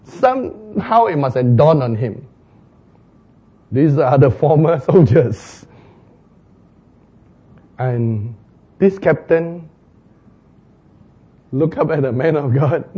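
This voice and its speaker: A man preaching an animated, playful sermon retelling, laughing at his own jokes. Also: medium pitch, breathy edge, muffled recording.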